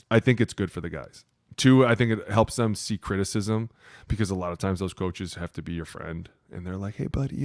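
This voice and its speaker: A man co-hosting a casual sports podcast, telling locker-room stories with lots of swearing and acted-out coach yelling. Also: sits low, gravelly, dry recording, studio quality. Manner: profane, animated storytelling, acting out coaches' yelling. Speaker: podcast co-host, former offensive lineman.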